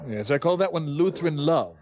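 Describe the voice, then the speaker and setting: A man's voice: fairly high pitch, animated, fairly quick, heavy background noise. A man riffing on a movie with sarcastic wisecracks. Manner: quips, sarcastic asides. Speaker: movie riffer. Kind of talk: wisecracking commentary over a film. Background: film soundtrack music.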